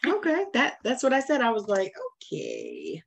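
A woman's voice: high-pitched, animated, a little fast, slight background noise. A woman from Savannah with a Southern US accent, hosting a casual interview, chatty and affirming, laughing often. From Savannah, Georgia, US. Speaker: host.

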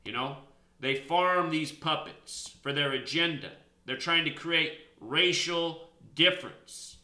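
A man hosts a solo commentary video, pressing each point in an emphatic, lecturing way. His voice is very bright and forceful and sits a little high. The room around him rings with echo. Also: slow pace. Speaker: host.

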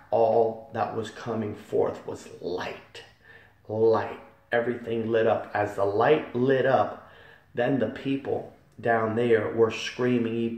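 A man giving a fervent church testimony in a hall, repeating phrases and swelling loud on key words. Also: lowish voice, vocal fry. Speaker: testimony speaker. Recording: echoey hall from far off.

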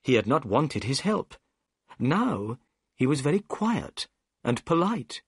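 A man reads a story aloud in a clear, measured voice for English learners, with lively rises and falls in pitch. His tone is a little husky, and the recording is dry and close. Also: no room sound.

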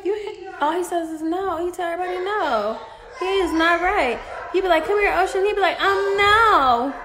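A woman's voice: very high-pitched, a little fast, reverberant, crowd noise. A mother hosting a casual phone livestream, playful and laughing as she coaxes her toddler.

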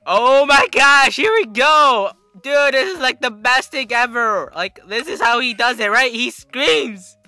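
A gamer voicing an over-excited young YouTuber who screams over everything during gameplay commentary, with exaggerated cracking shouts. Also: high-pitched, unhurried, hardly any pauses, dry recording, voice pushed up, full character voice. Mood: hyped.

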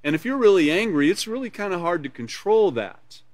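A man's voice: sits high, very animated, brisk, darkish tone, no room sound. Earnest male instructor, dry close sound. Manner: earnest, explanatory, laughs and smiles while teaching. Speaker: character education instructor. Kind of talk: live online class, reading from a course manual and explaining.

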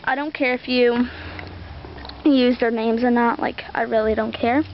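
Brief: young woman, slow, high-ish voice, rambling casual show-and-tell, muffled outdoor recording. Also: fairly even intonation, a little hiss or hum. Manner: rambling, chatty, lots of "like". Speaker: vlogger showing a toy collection.

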